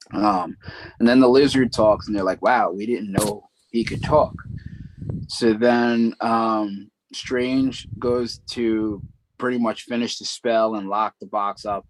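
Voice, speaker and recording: A man with a fairly low voice, captured on a low-quality recording, co-hosts a casual podcast. His story retelling meanders, thick with fillers and digressions.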